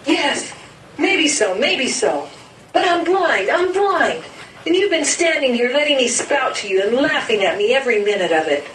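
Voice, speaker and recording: A woman's voice: animated, measured pace, reverberant, far from the mic, a little hiss or hum, rough recording. A woman voicing a bitter blind peddler man. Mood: frantic. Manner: wheedling, self-pitying, then shrill and frantic. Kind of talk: reading a story aloud.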